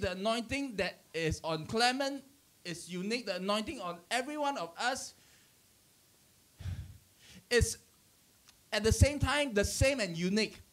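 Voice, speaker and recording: A middle-aged man, a pastor, giving a conversational church teaching with animated storytelling, restarting his sentences often and chuckling. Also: sits high.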